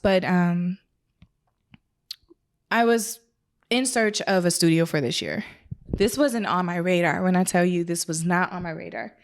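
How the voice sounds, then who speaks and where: A woman, a wedding photographer, talking casually and emotionally as a guest in her own studio. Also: medium pitch. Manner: chatty and emotional, acts out quoted voices. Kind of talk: casual interview conversation.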